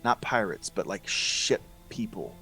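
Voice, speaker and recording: Low gravelly guy playing a tabletop game, goofy, keeps repeating himself. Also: animated, measured pace, pushed and bright, faint music behind. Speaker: player. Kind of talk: tabletop role-play chat.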